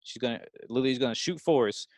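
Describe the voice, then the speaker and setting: A man hosting a podcast, talking in a rambling, excited and slangy casual way. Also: medium pitch, fast talker, dry recording. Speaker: podcast host. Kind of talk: casual chat.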